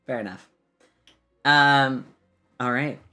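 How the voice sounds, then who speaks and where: A man's voice: mid-range voice, slow, sharp tone, clear, resonant tone. A man narrating and ruling as game master in a tabletop game, casual with many fillers.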